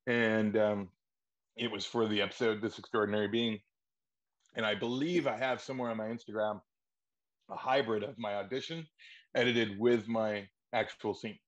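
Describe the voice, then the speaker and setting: A man's voice: on the low side, normal speed, dull audio. A man, an actor being interviewed, telling anecdotes casually, laughing often and acting out the dialogue. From Wisconsin, USA. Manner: lively, laughs often, acts out quoted dialogue.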